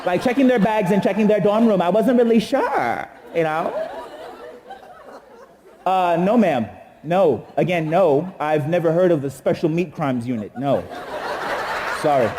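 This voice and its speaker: A young man from Jamaica hosting a live comedy show, delivering a stand-up monologue with animated, exaggerated storytelling and bursts of mock outrage. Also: sits high, in a large hall, background noise. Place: live studio stage with audience.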